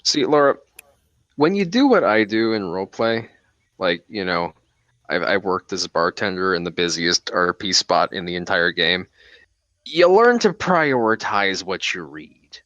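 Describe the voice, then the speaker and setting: A man's voice: deep voice, big pitch swings, unhurried, a bit bright, dry recording, dull audio. A man playing a tabletop game, explaining at length in casual chat. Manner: explanatory, rambling. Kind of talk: casual chat over a voice call.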